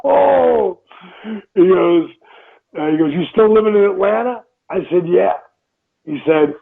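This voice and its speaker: Guy in his 50s telling stories, animated and swearing, bit higher voice. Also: gravelly, slightly rough. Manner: animated, swearing storyteller acting out quotes. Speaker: interview guest. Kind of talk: storytelling in a casual interview. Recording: tinny phone-line audio.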